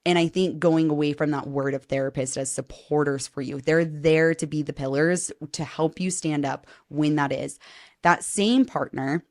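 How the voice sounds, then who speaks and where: Woman host, kinda low voice, animated storyteller, swears casually. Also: normal speed. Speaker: podcast host.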